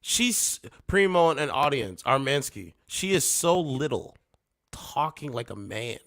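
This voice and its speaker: A man reacting to clips with animated, mocking commentary, hoarse from losing his voice. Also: fairly high pitch. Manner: animated, mocking, laughing, does loud mock voices. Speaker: commentary streamer.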